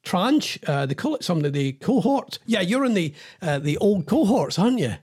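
A man chats on a video call with a high-pitched voice. His speech swoops up and down with lively energy. He stumbles along with plenty of fillers while running quiz games. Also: husky. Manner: chatty, halting with many fillers. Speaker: co-host. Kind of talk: casual chat with quiz games.

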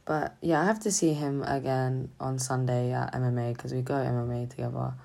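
A young woman student talking haltingly and hesitantly in a confessional vlog, sounding drained and low on energy. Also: fairly even intonation, creaky, warm tone. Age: young adult. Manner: halting, hesitant, full of restarts. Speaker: student vlogger.

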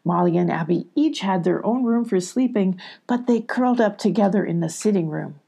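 An older woman narrating a children's storybook in a gentle, expressive way. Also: mid-range voice, moderate pace, vocal fry, hardly any pauses, breathy edge.

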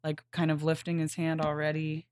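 A woman's voice: low voice, a little fast. Giggly woman chatting about a comic. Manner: giggly, lively reactions. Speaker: podcast co-host. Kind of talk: casual chat about a comic.

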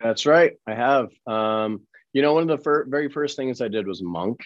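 A man from Colorado, an actor guest on an interview podcast, telling lively anecdotes and acting out the people in them. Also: medium pitch, normal speed, no echo. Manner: animated storyteller who acts out quoted people. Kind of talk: casual interview storytelling. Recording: slightly dull, dry recording.

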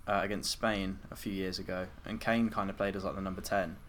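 Give me a young English man with a low voice, chatting casually and sighing now and then. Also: flat delivery, fairly quick, a bit bright. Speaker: podcast co-host. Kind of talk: casual banter.

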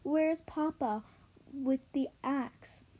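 A woman voicing a pleading eight-year-old farm girl. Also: warm tone. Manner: raised pitch, halting read-aloud delivery.

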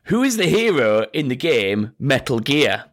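A man's voice: medium pitch, big pitch swings, a little slow, fairly bright tone. A man hosting a casual quiz with friends, reading out questions and making sarcastic, sweary asides. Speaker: quizmaster.

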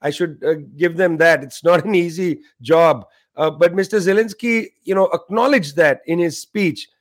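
A man hosting a news program, giving measured, emphatic commentary with frequent fillers. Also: on the high side. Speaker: news show host.

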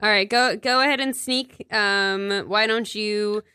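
A woman narrating as game master of a tabletop game, hesitant with many fillers and quick to laugh. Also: mid-range voice, steady tone, pushed and bright, smooth, no echo, studio quality.

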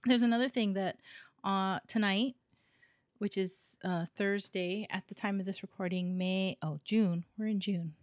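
Speaking a little slowly in a medium-pitched, slightly mellow voice, a woman from Hawaii co-hosts a podcast. The sound is clean studio audio with no room sound, and her chat is giggly and loaded with fillers.

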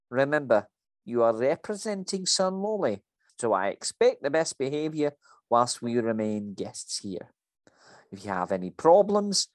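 A man's voice: a little high, no echo, pitched above the performer's own voice. A man voicing a strict middle-aged female resort manager with a Scottish accent. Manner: stern, bossy, sing-song.

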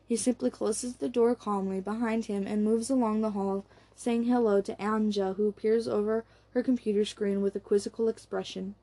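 A woman narrates a crime novel in an even, unhurried voice. Her tone is dark and mellow, and the recording is dry and close with no room sound. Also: medium pitch, dry recording. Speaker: audiobook narrator. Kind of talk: scripted narration.

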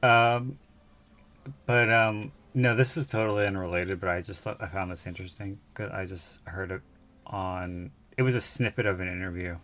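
Chatty man, bright forceful voice. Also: low-pitched, normal speed. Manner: chatty, rambling with many fillers and self-corrections. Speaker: podcast co-host. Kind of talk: casual film podcast chat.

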